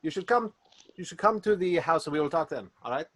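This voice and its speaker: Man doing an old French-accented vampire boss, cold and slow, bright edge, tabletop game. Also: on the high side, lively intonation. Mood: commanding. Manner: slow, measured, condescending.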